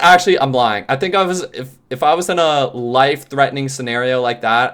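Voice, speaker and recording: A young man reacting to a video for his stream viewers. His casual commentary swings into loud, profane exclamations, and his voice sits at an ordinary mid pitch. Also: animated, normal speed.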